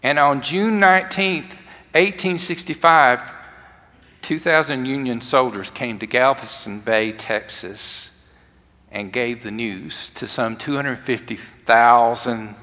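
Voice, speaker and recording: A man preaching a sermon in a dramatic way, swinging from loud, fervent lines to hushed ones. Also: medium pitch, fairly even intonation, takes it slowly. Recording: long hall reverb.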